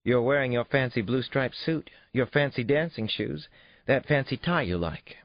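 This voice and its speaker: An eager little girl, pleading and teasing with a bouncy, sing-song lift, as a deep-voiced male narrator puts her on. The voice stays gravelly underneath. The recording is a dry, somewhat muffled audiobook read. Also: lively intonation, normal speed, no room sound, lightly acted. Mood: admiring. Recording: dull, muffled studio read.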